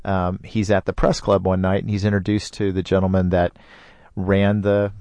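A man telling a personal story in casual conversation, lively, with sound effects. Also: low voice, normal speed, no room sound. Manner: animated, with sound effects and put-on voices in quotes. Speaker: storyteller guest.

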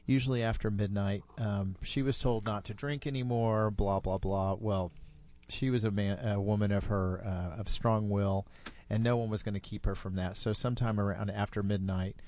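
A man in his fifties telling a personal story in a relaxed, unhurried way. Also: lowish voice. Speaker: storyteller guest.

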